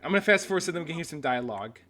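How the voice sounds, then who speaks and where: A man's voice: fairly high pitch, animated, rapid-fire, pushed and bright, faint music behind. A man hosting a casual reaction video who rants, swears often and restarts his sentences a lot. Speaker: video host.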